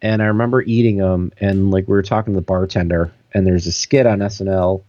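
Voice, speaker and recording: A man's voice: deep voice, steady tone, quick pace, mellow, dry recording, highs cut off. A man co-hosting a podcast, telling a rambling story full of fillers in casual chat. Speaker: podcast co-host.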